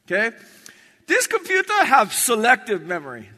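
A man's voice: extremely high pitch, wildly swooping pitch, normal speed, pushed and bright. A man doing stand-up on stage in a large hall, talking in clipped broken English and chanting lists of names. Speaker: stand-up comedian.

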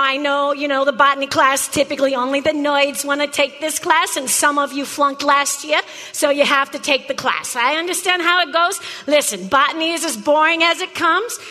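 A woman's voice: high-pitched, bright, forceful tone, long reverb tail. An actress playing a pushy, brash botany teacher who teases her class in a comedy sketch. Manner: brassy, teasing, talks straight at a class. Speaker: comic actor playing a teacher.

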